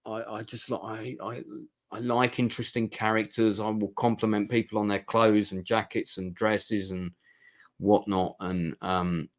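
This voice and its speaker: A man's voice: mid-range voice, fairly bright tone. A man, casually telling a heartfelt, rambling story as he reviews a night out. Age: 50s. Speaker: vlogger reviewing a club night.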